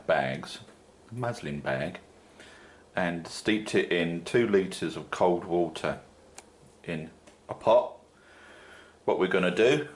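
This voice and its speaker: A man hosting a home brewing video, talking viewers through the steps in a jokey, chatty way. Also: deep voice. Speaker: homebrew video host. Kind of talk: casual how-to narration. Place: home conservatory.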